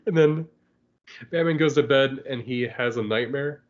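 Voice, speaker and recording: A man's voice: mid-range voice, normal speed, lo-fi sound. A man co-hosting a podcast, casually recapping a comic book with frequent laughter and acted-out lines. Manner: laughs often while recapping, acts out lines. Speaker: podcast co-host.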